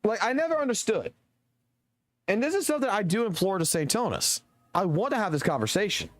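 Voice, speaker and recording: Pitched high and moving fairly quickly, this young Louisiana man's voice carries no room sound, only soft background music. Speaking close to his desk mic with a Southern US accent, the streamer rants, swears and rambles in animated, loose livestream commentary.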